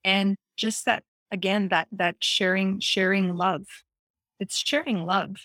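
A woman's voice: medium pitch, fairly even intonation, slow, fairly bright tone, no echo. Earnest, encouraging woman on a dry mic. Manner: earnest and encouraging, stresses key words. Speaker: wellness speaker. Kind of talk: casual health talk.

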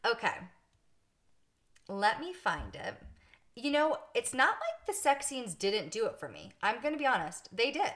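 Candid, animated woman podcast co-host. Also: on the high side. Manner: candid and animated, quick to laugh at herself. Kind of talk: casual book discussion chat.

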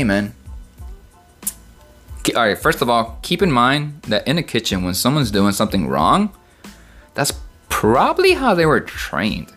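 A man who works as a kitchen middle manager, telling a work story in a profane, casual rant full of "right?" and "dude". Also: on the low side. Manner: swears constantly, lively storytelling, rhetorical "right?".

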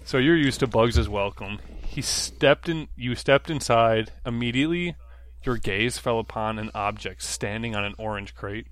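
A man's voice: medium pitch, normal speed, no echo. A man co-hosting a podcast, reading a kids' mystery aloud with joking asides and fillers. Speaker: podcast co-host. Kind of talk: casual comedic read-aloud.

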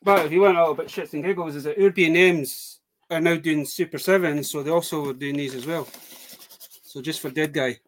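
A man's voice: on the high side, fairly even intonation, fairly quick, slight background noise. A man with a Scottish accent chatting casually on a podcast, listing items one after another. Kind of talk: casual chat.

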